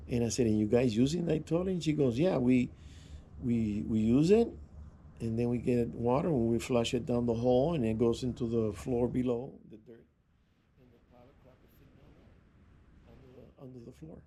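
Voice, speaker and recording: A man's voice: mid-range voice, moderate pace, mellow, slight background noise. A man vlogging, telling rambling anecdotes in a casual way, with restarts and chuckles. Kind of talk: casual storytelling.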